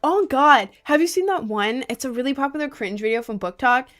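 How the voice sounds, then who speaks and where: A young woman livestreaming, chatting casually with her viewers in a rambling, animated way with lots of "like" and laughter. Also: high voice, fairly quick. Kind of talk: casual livestream chat reading viewers' messages.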